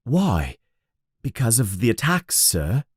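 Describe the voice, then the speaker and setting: A composed teenage boy prefect, read by a male narrator, answers politely and deferentially. His slow words rise and fall widely in pitch. The sound is dry and close. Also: big pitch swings, breathy edge, no room sound, exaggerated voice. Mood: earnest.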